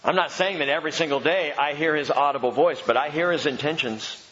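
A man preaching a sermon as pastor, animated and dramatic, acting out the voices he quotes. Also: on the high side, brisk. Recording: dull lo-fi sound, long hall reverb.

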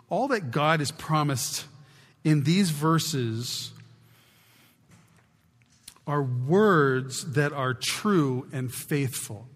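A man preaching a sermon as pastor, exhorting his church and swinging from loud to hushed. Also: on the high side, animated, slow pace, pauses often. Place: church sanctuary. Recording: long church reverb.

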